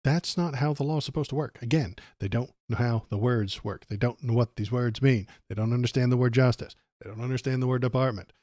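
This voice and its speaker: A man's voice: mid-range voice, a little fast, hardly any pauses, dark tone, dry recording, clean studio sound. A man hosting a political livestream, ranting sarcastically and tripping over his words. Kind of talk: casual political commentary.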